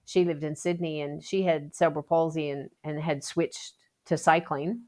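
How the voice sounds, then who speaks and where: A woman's voice: low-pitched, normal speed. A woman from Canada, a Paralympic athlete guest telling her story in a casual podcast interview, acting out quotes with lots of restarts. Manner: animated storyteller, acts out quotes, frequent restarts.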